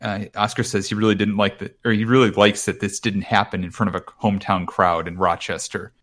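Deep-voiced man recapping casually. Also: level tone, a little fast, fairly bright tone. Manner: rambling, profane, paraphrases promos. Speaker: podcast co-host. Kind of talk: casual wrestling recap chat.

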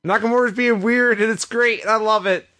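Animated man recapping, higher voice. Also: fairly quick. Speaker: podcast co-host. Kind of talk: casual chat.

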